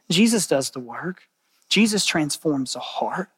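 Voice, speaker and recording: A man preaching a sermon as a pastor. He talks in an earnest, conversational way, repeats phrases for weight, and moves between loud emphatic bursts and quiet, hushed lines. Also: on the high side, animated, unhurried, breathy edge, no room sound.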